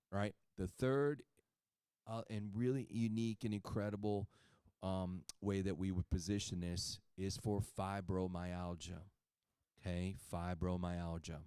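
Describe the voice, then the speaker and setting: Low-voiced man giving a folksy sales pitch. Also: warm tone, clean tone, dry recording. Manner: folksy, emphatic, says "okay?" and "right?" to the audience. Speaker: clinic owner presenting supplements.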